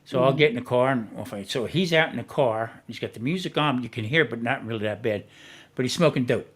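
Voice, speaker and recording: An older man hosting a casual chat show, telling a long neighbor story and acting out the bits where he shouted. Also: mid-range voice, fast talker. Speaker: podcast host.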